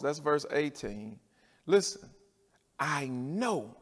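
A pastor preaching a sermon with a rhythmic cadence, dropping to near-quiet and rising to shouts. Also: male voice, on the high side, expressive, measured pace, pauses often, in a large hall.

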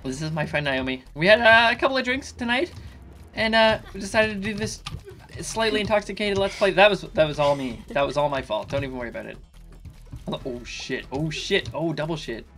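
A man's voice: fairly high pitch, fairly quick, soft background music. Tipsy man yelping through a game. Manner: excitable, swearing, panicky outbursts. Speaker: gaming YouTuber. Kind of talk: casual let's play commentary.

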